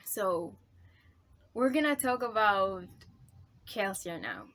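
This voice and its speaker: A woman reviewing books in a casual vlog speaks slowly, her medium-pitched, somewhat bright voice swinging widely in pitch. Gushing and profane, she rambles with endless "like" and "you know" and comes close to tears.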